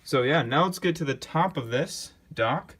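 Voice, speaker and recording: A man's voice: a little high, animated, moderate pace, a bit bright. Rambling young man showing a LEGO build. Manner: rambling, with filler words and self-corrections. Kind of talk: casual show-and-tell narration.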